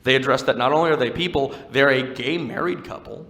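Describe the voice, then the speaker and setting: A man's voice: medium pitch, fairly quick, hardly any pauses, a bit bright. A young man doing a stand-up comedy set in a venue, chatting wryly with the crowd and telling self-deprecating stories. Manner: conversational, wry and self-deprecating with playful crowd work. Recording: live venue with long reverb.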